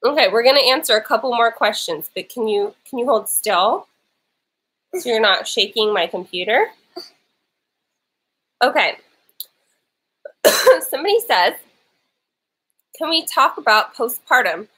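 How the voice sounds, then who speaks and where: A woman vlogger answers viewer questions in a loose, chatty live stream from her bed. Her voice sits a little high and sounds husky, and a lingering cough breaks in now and then. It is picked up by an old laptop's built-in mic. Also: expressive, measured pace, long pauses, fairly bright tone, rough recording. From lives in Los Angeles. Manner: chatty, interrupted by her small son. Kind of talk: casual live Q&A chat.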